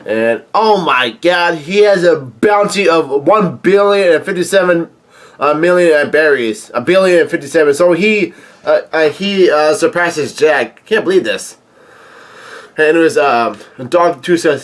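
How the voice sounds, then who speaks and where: Excited man reading out a manga chapter. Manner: excited, halting, many fillers and restarts. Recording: low-quality home recording.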